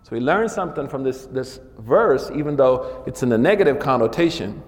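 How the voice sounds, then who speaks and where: A man's voice: medium pitch, lively intonation, brisk, in a large hall. A man giving an informal religious lesson in a casual, chatty way, often tacking "man" onto his sentences. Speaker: religious teacher.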